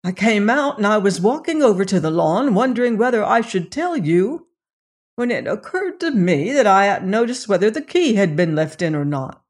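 A narrator voicing a frightened male servant who speaks in a shaky, halting, anxious way in an audiobook mystery. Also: high voice, very animated, voice pushed up. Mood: nervous. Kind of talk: audiobook reading of a mystery novel.

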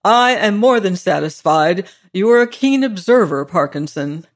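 A narrator doing a brisk, genial gentleman. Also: mid-range voice, lightly acted. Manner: quick and hearty.

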